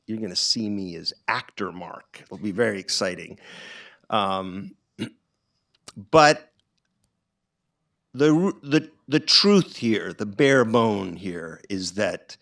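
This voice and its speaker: A middle-aged man, an author, speaking to an audience at a bookstore event in a reflective, halting way, with frequent ums and restarts. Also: medium pitch, a bit bright.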